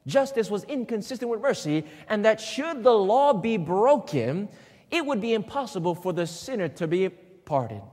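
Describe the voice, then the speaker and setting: A man with a high voice preaches a sermon in a church hall, and a long reverb trails after his words. He is emphatic, repeats his key phrases, and keeps prompting the congregation to answer him. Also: very animated, moderate pace, darkish tone. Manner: call-and-response, asks the congregation questions.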